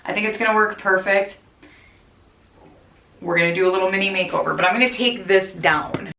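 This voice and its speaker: A woman's voice: medium pitch, brisk, vocal fry, sharp tone. A woman with a Minnesota accent, thinking aloud as she cleans her bathroom for her vlog. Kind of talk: casual commentary while cleaning. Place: small bathroom indoors. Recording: echoey room, mic at a distance.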